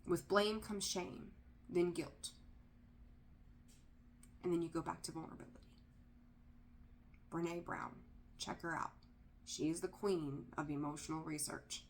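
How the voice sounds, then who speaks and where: A woman's voice: fairly low pitch, steady tone, measured pace, pauses often, slight background noise. Emphatic woman giving a tarot reading. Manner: direct and emphatic, repeats key phrases; candid, mildly profane asides. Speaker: tarot reader. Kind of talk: casual tarot reading to camera.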